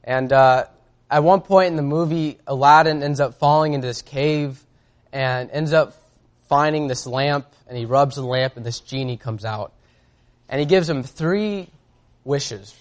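A man preaching a sermon in a casual, conversational way, reading scripture aloud and often pausing on fillers. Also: mid-range voice.

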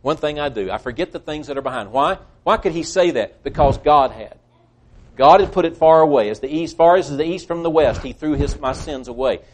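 A man preaching a sermon in an earnest, emphatic way, often quoting scripture at length. His voice sits a little higher than most men's. He seems to be speaking in a church. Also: lively intonation, brisk.

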